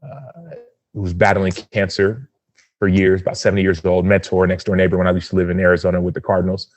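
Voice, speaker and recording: This podcast guest, a man in his thirties, speaks fast in a low-sitting voice as he earnestly and vividly tells his own story, performing the quotes. There's no room sound.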